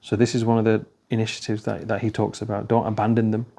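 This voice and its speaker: Husky gravelly man giving a religious talk. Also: lowish voice, completely flat delivery, fast talker, dark tone. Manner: anecdotal, conversational, acts out dialogue. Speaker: speaker at a talk.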